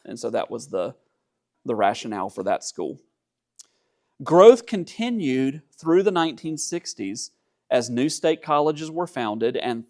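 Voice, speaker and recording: A man's voice: medium pitch, creaky, darkish tone. A man teaching church history in a conversational way, with dry asides and frequent fillers, from Georgia.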